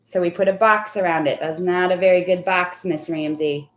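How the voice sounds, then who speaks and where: A young adult woman teacher runs a live online phonics lesson, patiently praising children by name and spelling out words deliberately. Her voice is lowish with fairly even intonation.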